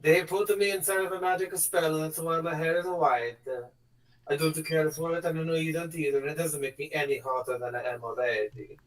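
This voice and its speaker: A man in a casual tabletop game chat, joking freely and laughing often. His voice sits a touch higher than most men's. He is heard from some distance off the mic. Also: fairly even intonation. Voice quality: quick, joking and frequently laughing. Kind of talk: casual chat among players.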